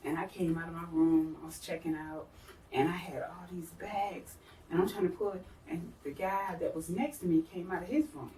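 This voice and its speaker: A woman telling stories in casual chat, animated and quick to laugh. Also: on the low side, a little hiss or hum. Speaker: guest. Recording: echoey room, mic at a distance.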